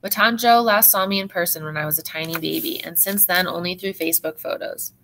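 Woman teacher; reads a novel aloud in steady, expressive first person; lower-set voice with a bright, sharp tone. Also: a little fast, slight background noise.

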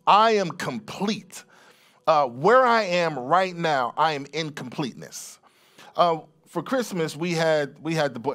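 A man's voice: mid-range voice, fairly bright tone. A middle-aged man preaching a sermon as pastor, reading scripture aloud and explaining it in a conversational way, often restarting and repeating words.

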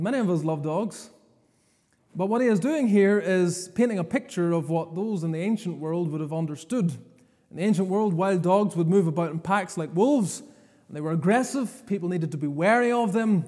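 A man's voice: sits high, a little mellow. A man preaching a sermon, emphatic and given to repeating phrases for stress. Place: church sanctuary. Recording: long church reverb.

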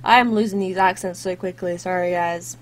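A woman's voice: fairly low pitch, steady tone, brisk, slight background noise. Chatty young woman gamer. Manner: chatty, self-mocking. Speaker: gamer doing a story playthrough. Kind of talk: casual game commentary.

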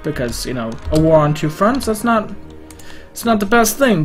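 A gamer giving casual, self-mocking commentary on his own play, with sudden excitable outbursts. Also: medium pitch, normal speed, slightly rough. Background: faint in-game music and keyboard typing.

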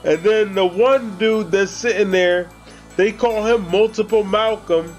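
A man's voice: high voice, measured pace, highs cut off, soft background music. A man giving a casual, chatty movie review, slangy and talking straight to his viewers. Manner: slangy, chatty, addresses viewers as guys and bro.

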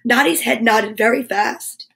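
A woman's voice: on the high side, unhurried, vocal fry, fairly bright tone. A woman hosting a children's story show, reading a picture book aloud and adding chatty asides to young listeners.

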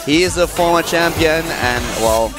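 A man's voice: a little high, moderate pace. A man commentating live esports as a caster, enthusiastic and gushing about the play. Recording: broadcast booth with loud game music. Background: game music.

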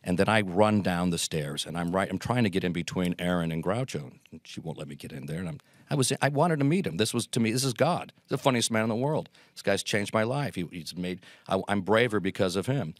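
A middle-aged man telling lively anecdotes as an interview guest, acting out quotes as he goes. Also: low-pitched, a little fast, dry recording, clean studio sound. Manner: animated anecdotes with acted quotes. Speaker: guest, Groucho performer. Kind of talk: storytelling interview.

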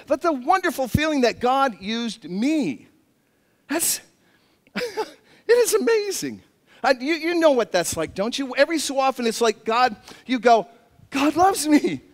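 A male pastor preaching a sermon, telling animated stories with self-mocking humor. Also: very high-pitched, long reverb tail.

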